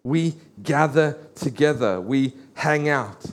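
A pastor giving a sermon in an earnest way, repeating key phrases for emphasis. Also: male voice, mid-range voice, takes it slowly.

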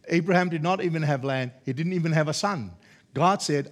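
A man preaching a sermon, emphatic and repetitive, building from quiet explanation to loud exhortation. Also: fairly high pitch, a little fast.

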